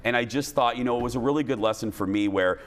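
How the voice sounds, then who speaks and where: A man's voice: mid-range voice, quick pace. A man hosting a TV talk show in a studio with a live audience, upbeat and chatty, turning earnest and heartfelt.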